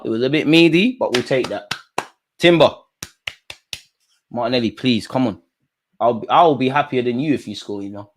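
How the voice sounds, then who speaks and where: A young man reacting live to a football match, talking to players and the referee, swinging between low mutters and high shouts. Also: fairly quick, long pauses. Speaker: football watchalong streamer.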